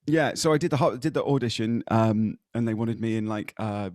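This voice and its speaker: A man co-hosting a casual podcast, telling animated, rambling stories with plenty of ums and restarts. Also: lowish voice, fairly quick, no room sound, studio quality. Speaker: podcast co-host. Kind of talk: casual chat.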